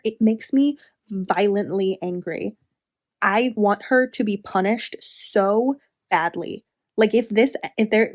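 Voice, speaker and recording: A woman in a casual book review vlog, talking in a heated, emphatic way with sighs. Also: medium pitch. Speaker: book vlogger.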